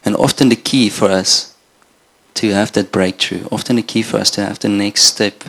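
A middle-aged male pastor from Namibia delivers a sermon in an earnest, conversational manner. His voice sits low with a gravelly edge. He speaks with little rise and fall in pitch. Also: fairly even intonation, moderate pace, a bit bright. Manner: earnest, conversational preaching with restarts.

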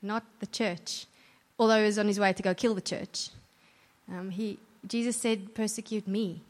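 A church speaker, a woman, talks at normal speed in a steady, mid-range voice. The talk is earnest and warmly conversational, marked by self-corrections and sentence restarts, and echoes with long hall reverb.

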